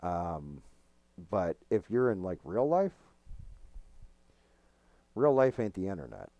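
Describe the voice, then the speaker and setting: Middle-aged guy rambling on his stream, swears a lot, low voice, dry sound. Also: big pitch swings, slow pace, warm tone, no room sound, highs cut off. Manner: frank, profane, rambling. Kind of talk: casual gaming stream chat.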